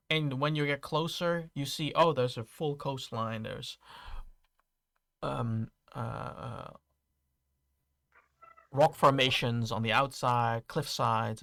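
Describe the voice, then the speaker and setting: Gravelly game master, halting delivery. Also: male voice, medium pitch, fairly bright tone, no room sound, clean studio sound. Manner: halting, many fillers and restarts. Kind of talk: narrating a tabletop game.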